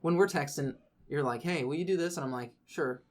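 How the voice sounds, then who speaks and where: A man's voice: fairly high pitch, fairly quick. A man co-hosting a casual chat, telling anecdotes in a laid-back way with dry humor. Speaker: podcast co-host.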